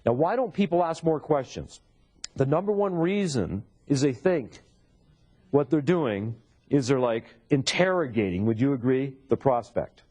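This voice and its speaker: A man's voice: mid-range voice, darkish tone. A man teaching real estate sales to a live seminar audience, often putting questions to the room and repeating key points. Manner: asks the audience rhetorical questions. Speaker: sales trainer. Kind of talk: seminar lecture.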